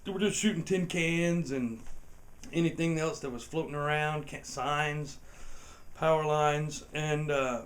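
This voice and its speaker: A man's voice: a little high, steady tone, unhurried. A man telling a true story in a casual comic anecdote, swearing freely, laughing between lines and putting on voices for the people in it.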